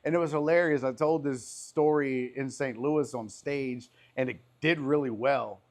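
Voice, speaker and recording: A man's voice: mid-range voice, normal speed. A man hosting a casual podcast chat, a comedian telling profane, rambling stories on an outdoor patio. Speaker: podcast host and stand-up comedian.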